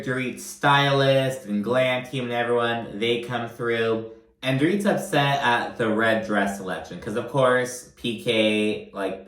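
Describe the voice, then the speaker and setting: A man talking in a chatty, loose way, full of filler words and casual cursing as he runs through a show. His voice sits at a middle pitch. It rings out in a roomy, echoey space. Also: a bit bright. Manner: chatty, loose, swears often, many fillers. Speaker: recap commentator. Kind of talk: casual reality TV recap.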